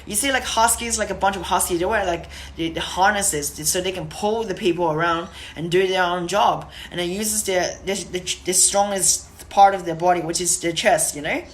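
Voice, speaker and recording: A woman's voice: fairly low pitch, normal speed, hardly any pauses, a little hiss or hum. A woman instructor giving a casual teaching monologue, rambling with many fillers and restarts, and now and then showing off firm and cheerful tones of voice.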